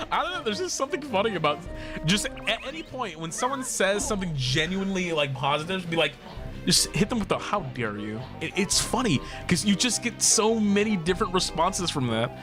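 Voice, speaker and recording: A man's voice: high voice, sing-song, moderate pace. A young man chatting casually while streaming a video game, joking, laughing often and swearing. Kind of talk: casual gameplay livestream chat. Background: game music.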